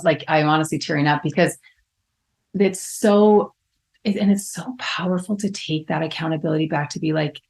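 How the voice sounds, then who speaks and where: Low-pitched woman co-host, calm reflective therapist, talks in analogies, podcast chat. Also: moderate pace. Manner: reflective, explains through everyday analogies. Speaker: relationship psychologist co-host. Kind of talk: casual podcast conversation.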